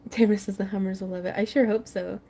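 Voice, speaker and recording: A woman's voice: mid-range voice, steady tone, quick pace, gravelly, mellow. Chatty crafting woman hosting a livestream. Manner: chatty, laughs often, reads viewer comments aloud. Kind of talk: casual craft tutorial livestream chat.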